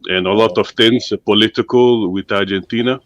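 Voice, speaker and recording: Hesitant low-voiced male guest. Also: fairly even intonation, brisk, fairly bright tone, no room sound. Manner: hesitant, many filler uhs. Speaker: panel guest. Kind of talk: casual panel chat.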